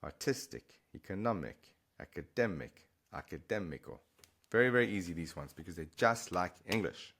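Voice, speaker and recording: A deep-voiced man explains word patterns in a relaxed, chatty teaching voice. He keeps checking in with the listener and restates points as he goes. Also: normal speed. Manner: chatty, encouraging, repeats and restarts while explaining. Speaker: Spanish teacher. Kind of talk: explaining vocabulary to camera.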